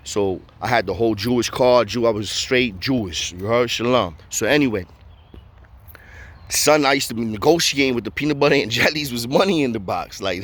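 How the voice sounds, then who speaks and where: A man telling a story in a casual way, full of street slang and acting out the voices of the people in it. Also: medium pitch.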